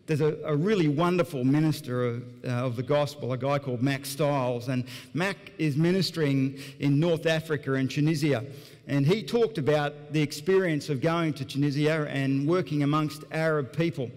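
An Australian pastor preaching in a church auditorium, his voice sitting a little higher than most men's. He tells his story earnestly and with animation, chuckling along as he goes. A long reverb trails each phrase through the big hall. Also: darkish tone. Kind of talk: sermon with storytelling.

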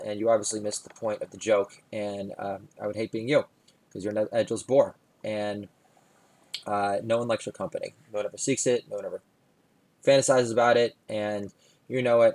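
A man's voice: mid-range voice, a little mellow. A male comedian delivering a sarcastic, rambling comedy monologue full of asides.

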